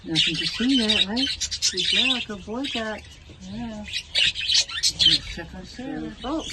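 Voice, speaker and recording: Woman vlogging in a loud bird aviary. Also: mid-range voice, lively intonation, slow, pauses often, very noisy. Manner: coos and talks baby-talk to the birds. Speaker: budgie keeper vlogger. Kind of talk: casual vlog narration. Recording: loud bird chirping behind. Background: budgies chirping and squawking.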